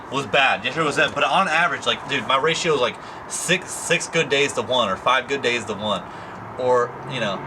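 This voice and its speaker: A man's voice: mid-range voice, brisk. A young man chatting casually to his camera, rambling with lots of fillers and slang. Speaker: vlogger. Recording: steady background noise.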